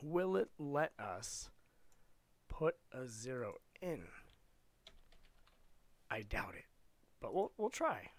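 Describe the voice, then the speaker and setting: A man talks through a coding lesson on a casual livestream, playful and rambling, now and then slipping into a silly voice. His pitch swings up and down a lot. The sound is dry and close, with no room echo. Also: big pitch swings, slow, long pauses. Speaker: coding tutorial streamer.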